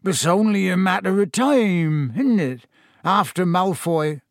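Man reading a hulking, gloomy gamekeeper, thick-tongued and slow, for a storybook. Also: high voice, big pitch swings, vocal fry, dry recording, studio quality, pitched above the performer's own voice, full character voice. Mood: miserable. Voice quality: growling, thick-voiced. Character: huge gruff half-giant gamekeeper, drunk and miserable.

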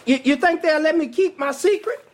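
An actor playing a loud, boastful, eccentric older uncle, rambling and bragging. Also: male voice, very high-pitched, a little fast, a loud crowd. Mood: proud, bragging. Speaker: sitcom character. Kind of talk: studio sitcom acting. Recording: loud studio audience laughter.

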